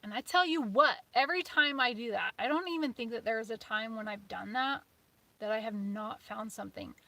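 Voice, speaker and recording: A woman in her forties chatting casually on a live stream from her car at a campsite, telling a story with sudden whispers and excited exclamations. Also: a little high, brisk. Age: 40s. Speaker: vlogger.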